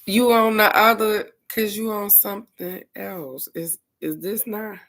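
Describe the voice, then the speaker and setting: A woman's voice: mid-range voice, fairly even intonation, measured pace, fairly bright tone. A middle-aged woman hosting a casual livestream, chatting informally and laughing often as she talks to her viewers. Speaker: livestream host.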